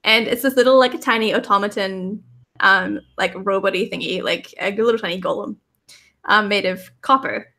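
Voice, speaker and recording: A woman's voice: mid-range voice, normal speed, bright, forceful tone. A woman narrating her character's scenes in a tabletop role-playing game, casual and rambling. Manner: casual, rambling, many fillers.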